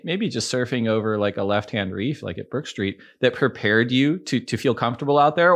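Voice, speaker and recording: A man hosting a surf podcast, asking long, thoughtful questions with frequent restarts. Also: medium pitch. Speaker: podcast host. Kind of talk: conversational interviewing.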